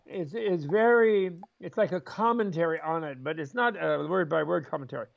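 A man's voice: a little high, normal speed, creaky, lo-fi sound. An older man, a Buddhist scholar and interview guest, telling rambling, chuckling stories and acting out the voices in them. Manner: chuckling, acts out voices in quotes, rambling asides. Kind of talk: animated storytelling in conversation.

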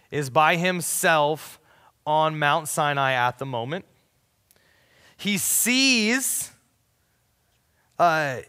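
Bright-voiced youth pastor in echoing hall. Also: male voice, high voice. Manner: casual and conversational, swinging from loud to hushed. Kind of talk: sermon.

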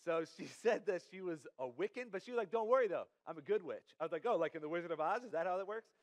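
A man's voice: high voice, racing, no echo. A young man preaching a sermon as pastor, telling a personal story with self-deprecating humor. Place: church.

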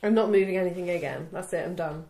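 A woman's voice: lowish voice, fast, gravelly, dark tone. A woman co-hosting a casual food review podcast, teasing and dry in manner. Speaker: podcast co-host. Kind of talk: casual chat. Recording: roomy echo.

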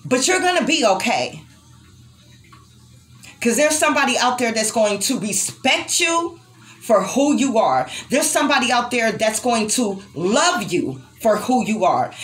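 Young woman tarot reader, animated higher voice, emphatic and tender, swears freely. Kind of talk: tarot reading addressed to viewers.

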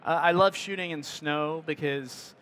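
A man's voice: fairly high pitch, a little slow, fairly bright tone. A middle-aged man giving a casual presentation on photography, rambling with many fillers and restarts. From United States. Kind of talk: casual talk to an audience.

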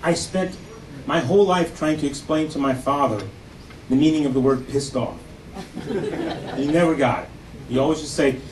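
A man with an American accent performs a stand-up set with deadpan setups and punchy lines. His voice sits slightly high. It is caught from a distance in a reverberant comedy club, with noise underneath. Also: moderate pace, long pauses.

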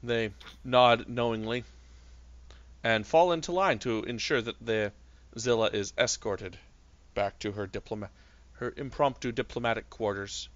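A man's voice: mid-range voice, a little slow, a bit bright, no room sound. A man narrating as game master, hesitant and full of fillers, also voicing characters. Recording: dull dry sound.

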